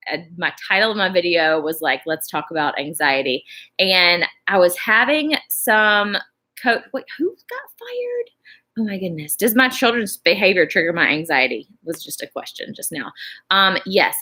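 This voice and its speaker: A woman in her thirties talks to her live-stream viewers in a loose, rambling way. Her voice is bright and forward, mid-pitched, and she drifts from story to story while answering comments. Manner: chatty, rambling, reads comments aloud, says y'all. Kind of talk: casual live-stream chat.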